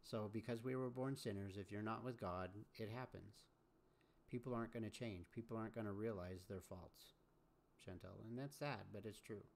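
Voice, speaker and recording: A man's voice: on the low side, normal speed, gravelly, a little mellow, slight background noise. A man hosting casual reaction commentary, scolding and chiming in with repeated agreement. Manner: scolding, repeats catchphrases like 'amen'. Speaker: commentary host.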